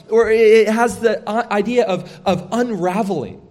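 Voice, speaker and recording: Earnest preacher, slightly high voice, echoing hall. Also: male voice, a little slow, few pauses, a little mellow. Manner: earnest, emphatic preaching with frequent restarts. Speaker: pastor. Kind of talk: sermon.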